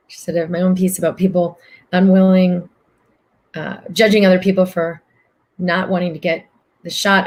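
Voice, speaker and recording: Woman host, earnest, flowing, repeats phrases, slightly low voice. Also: darkish tone. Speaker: host reading viewer comments. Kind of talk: live-stream talk.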